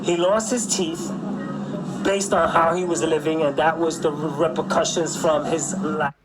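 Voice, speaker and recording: A man's voice: on the high side, fairly even intonation, measured pace, very noisy. A man in a played-back video clip, speaking to camera in an aggrieved, complaining tone. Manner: aggrieved, complaining about being compared. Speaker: video creator whose clip is being reacted to. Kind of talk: monologue to camera.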